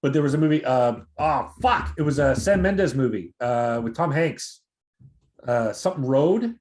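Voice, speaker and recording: A man's voice: mid-range voice, lively intonation, moderate pace, a little mellow. A man co-hosting a casual podcast chat, blunt and swearing freely, often losing his train of thought. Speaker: podcast co-host.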